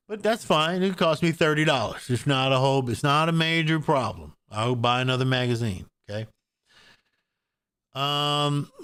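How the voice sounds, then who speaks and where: A man's voice: medium pitch, a bit bright. A man from Oregon giving a casual vlog rant in a blunt, profane, repetitive way. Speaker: gun owner vlogger.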